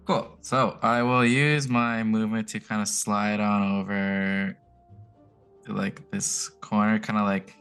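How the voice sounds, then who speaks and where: Low-voiced man playing a tabletop game. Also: flat delivery, a little slow, a bit bright, clear, resonant tone, soft background music. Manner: casual, with playful in-character asides. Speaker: player.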